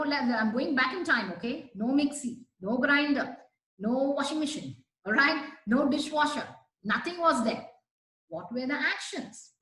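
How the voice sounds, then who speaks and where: A woman giving a lively fitness talk to an audience, asking them questions as she demonstrates. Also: fairly high pitch. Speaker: fitness trainer. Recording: very echoey hall, voice far from mic.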